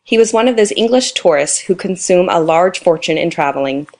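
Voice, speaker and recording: A woman's voice: lowish voice, animated, a little fast, darkish tone. A woman narrating a classic novel audiobook, reading the dialogue in her own voice. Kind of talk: scripted narration.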